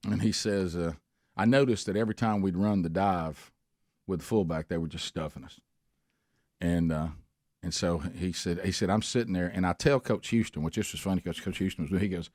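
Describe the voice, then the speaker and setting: A middle-aged man, a radio talk show host telling a long story and acting out the people he quotes with sudden high shouts. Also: fairly even intonation, brisk, no room sound, studio quality. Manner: rambling storyteller who acts out quotes with big high shouts.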